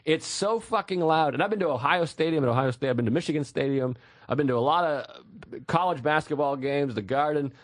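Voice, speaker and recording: A man co-hosting a comedy podcast, telling a story in a casual, profane way and breaking into shouts. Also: on the high side, brisk. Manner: animated, profane, bursts into shouting.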